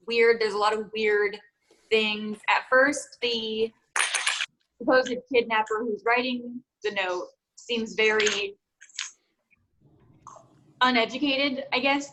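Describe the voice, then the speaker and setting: A woman's voice: fairly high pitch, background noise. Chatty young woman, casual podcast talk. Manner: chatty, laughs often, trails off. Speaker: podcast co-host. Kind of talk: casual true-crime chat.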